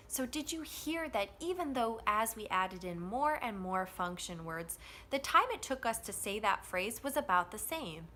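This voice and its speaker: A woman teaching an English pronunciation lesson, modeling stress and rhythm with slow, deliberate phrasing. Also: mid-range voice, lively intonation, pushed and bright, a little hiss or hum.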